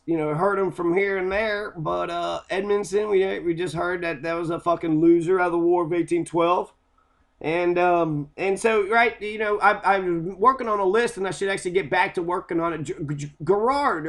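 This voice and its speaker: High-voiced man ranting with profanity. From Kentucky. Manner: heated, sarcastic, constant swearing.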